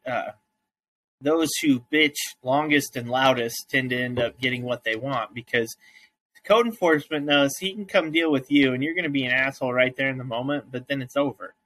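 A man's voice: medium pitch, normal speed, bright, forceful tone, no room sound, rough recording. A man co-hosting a casual podcast, giving dry, teasing replies. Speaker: co-host.

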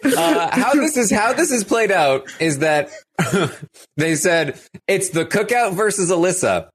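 A man's voice: high voice, big pitch swings, a little slow, husky. A man co-hosting a casual live recap show, talking at length with many fillers and frequent laughs. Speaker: podcast co-host.

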